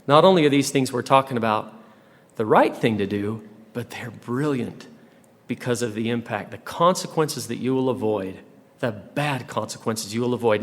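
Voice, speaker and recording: A man giving a humorous devotional talk to young people, full of rhetorical questions and playful asides. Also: medium pitch. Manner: joking asides, rhetorical questions, dramatic pauses. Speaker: church speaker. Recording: live talk in a large hall with long reverb.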